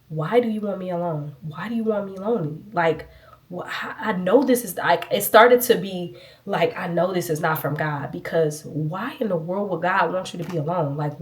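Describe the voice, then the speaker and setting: A woman giving a casual, earnest faith testimony to her viewers, sniffling a little as she talks. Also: lowish voice. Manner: earnest, chatty, addresses viewers as y'all. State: sniffling, itchy nose. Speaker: vlogger.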